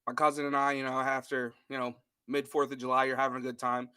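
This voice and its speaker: A young man on his first show appearance as a guest, chatting casually in a relaxed way. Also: medium pitch, quick pace, smooth, no room sound. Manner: relaxed, laid-back, short replies. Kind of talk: casual chat.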